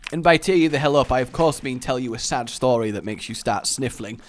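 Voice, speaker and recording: Playing through a game, a young man jokes around and talks back to its characters, his loudness swinging lively. The gaming commentator has a mid-range voice and speaks fairly quickly, with some hiss or hum in the background.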